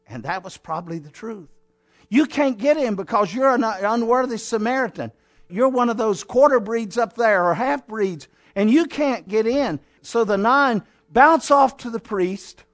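A pastor with a strikingly high-pitched voice preaches to his congregation. He tells the story like a dramatist, one moment lifting into fervent exhortation, the next dropping low and confiding. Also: lively intonation, unhurried. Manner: dramatic storytelling, acting out scenes; swings between raised exhortation and low intimate asides. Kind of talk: sermon.

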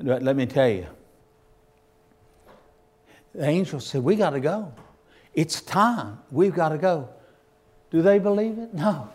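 A man preaching a fervent sermon, swinging from hushed asides to loud dramatic calls. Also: fairly high pitch, animated, a little slow, pauses often.

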